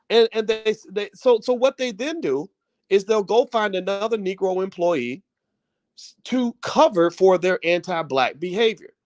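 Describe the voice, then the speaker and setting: Male commentary host, higher-pitched voice, heated and repetitive, dry booth-like sound. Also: no echo. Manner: passionate, repetitive, rhetorical questions to viewers. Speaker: channel host. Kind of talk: opinion commentary rant.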